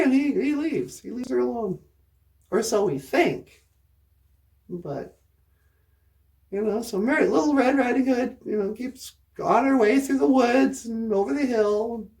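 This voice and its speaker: A woman's voice: on the high side, expressive, unhurried, creaky, long pauses, mellow. Rambling, sarcastic woman hosting a comic story show. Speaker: host.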